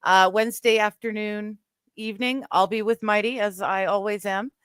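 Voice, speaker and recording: A woman's voice: medium pitch, steady tone, normal speed, fairly bright tone, clean tone, no echo. A woman hosting a casual live stream chat, reading chat messages aloud and laughing easily. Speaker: stream host.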